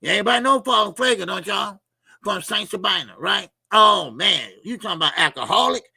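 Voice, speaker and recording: Man, middle-aged, livestream host, bright tense tone, dry close sound, profane and laughing. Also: high-pitched, expressive, brisk, vocal fry, husky, dry recording. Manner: loose and profane, laughing, reading out viewer comments and donations. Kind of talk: casual livestream chat.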